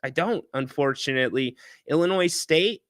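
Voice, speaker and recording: A man's voice: fairly high pitch, normal speed, no room sound, clean studio sound. A man hosting a casual sports talk livestream, chatting animatedly and reading viewer comments aloud. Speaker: sports talk show host.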